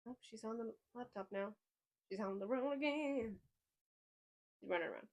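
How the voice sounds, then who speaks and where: A woman hosting a podcast in casual chat, rambling and excitable, often trailing off mid-sentence. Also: on the high side, normal speed, background noise. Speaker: podcast host.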